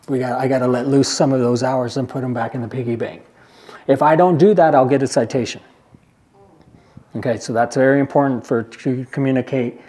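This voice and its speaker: A man's voice: mid-range voice, dark tone. A man giving an informal briefing at an agency meeting, talking plainly, repeating his points and checking in with the room. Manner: conversational, repeats points, asks the room for questions. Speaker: presenter at a care agency meeting.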